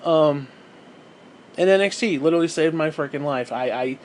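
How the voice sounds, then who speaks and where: A man's voice: fairly high pitch, normal speed. A man talking casually to camera in a vlog, rambling and self-deprecating, swearing often and restarting his sentences. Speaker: vlogger.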